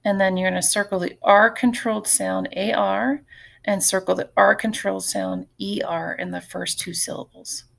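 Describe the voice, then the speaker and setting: A woman teacher giving an online phonics lesson, patient and slow, often repeating words. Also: medium pitch, fairly even intonation, gravelly, a bit bright.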